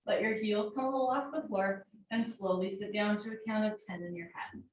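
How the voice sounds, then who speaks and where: A woman teaching a live yoga class from home, calling out poses in steady, directive short commands. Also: mid-range voice, brisk. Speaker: yoga instructor. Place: home room. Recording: very echoey room, mic far off, faint noise.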